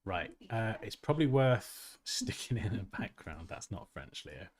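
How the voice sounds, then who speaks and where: Hosting a design tutorial on a live stream, a man speaks close to a desk mic in a fairly low voice that's very animated yet unhurried. The chat is casual; he mocks himself, laughs frequently between steps, and reads comments aloud from the chat.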